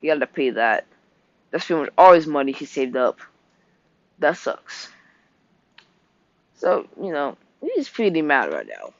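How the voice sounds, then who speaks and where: A man casually retelling an anime plot, halting and rambling with many ums and restarts. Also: on the high side, huge pitch swings, vocal fry, no echo. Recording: dull dry home recording.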